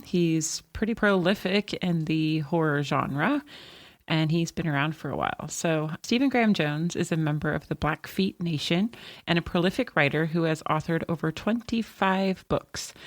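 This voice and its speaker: Low-voiced woman co-hosting a podcast. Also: dry recording. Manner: laughs often, chatty and self-correcting. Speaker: podcast co-host. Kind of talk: casual chat.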